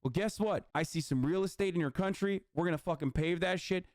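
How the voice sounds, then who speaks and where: A man's voice: high-pitched, a little fast, a little mellow, no echo. A man giving heated, profane political commentary as a streamer, emphatic and sarcastic.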